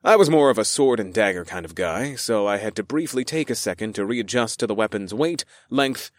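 A man's voice: fairly low pitch, animated, a little fast, no room sound. A man narrating a first-person fantasy audiobook with a dramatic, wry delivery on a close mic.

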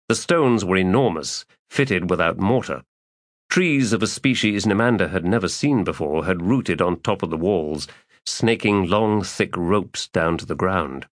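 A man narrates a fantasy story in a low, deep voice. His reading is measured and even. It is recorded close, in a dry space with no echo. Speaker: audiobook narrator. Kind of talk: scripted narration.

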